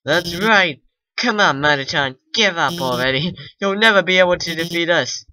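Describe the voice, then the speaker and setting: A man's voice: a little high, animated, moderate pace, pushed and bright, low-quality recording. A man voicing a nerdy female lizard scientist, eager and a little flustered, over game music. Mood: heroic.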